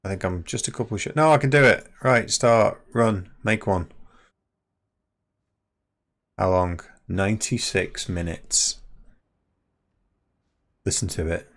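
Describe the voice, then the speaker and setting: Male streamer, gravelly and lowish, casual play-by-play, talks to his machines. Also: a little slow, long pauses, fairly bright tone. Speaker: game streamer. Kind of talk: casual gameplay commentary.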